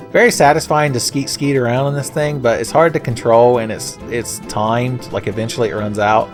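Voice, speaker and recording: A young man hosting a let's play, giving casual gameplay commentary full of sarcastic, profane, rambling jokes. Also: on the low side.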